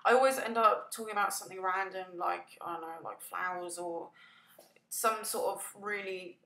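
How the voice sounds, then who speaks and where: A woman with a mid-range, gravelly voice that sounds pushed and bright narrates a build for her gaming video at normal speed. Her casual voice-over rambles and pokes fun at herself, with frequent laughs and yawns, and the room is echoey.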